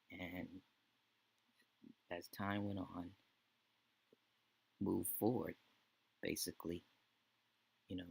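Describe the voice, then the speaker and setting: A man narrating the story behind his life-sim game let's play. His voice is low, gravelly and a little husky, and his telling is earnest and rambling. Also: low-quality recording.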